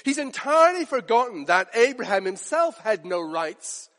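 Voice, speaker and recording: A man's voice: extremely high pitch, very animated, normal speed, fairly bright tone. A man preaching a sermon, earnest and building to emphatic rhetorical questions. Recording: long hall reverb.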